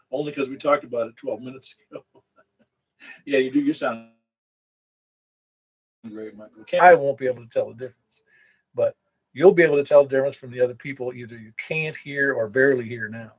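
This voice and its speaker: A man's voice: mid-range voice, a little fast, long pauses, breathy edge, low-quality recording. A man acting as net control on a ham radio net, chatting casually and rambling with self-corrections. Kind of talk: casual on-air radio chat.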